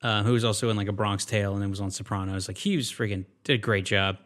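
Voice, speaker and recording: Podcast co-host, male, rapid and excited, retells movie scenes with gusto. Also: lowish voice. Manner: enthusiastic, says "dude" and "freaking" a lot, acts out scenes in quick voices. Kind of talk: casual movie chat.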